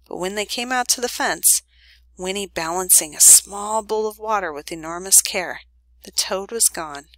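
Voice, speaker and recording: A woman reading a children's novel aloud in a gentle, even storytelling manner. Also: medium pitch, moderate pace, no echo, poor audio. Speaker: reader.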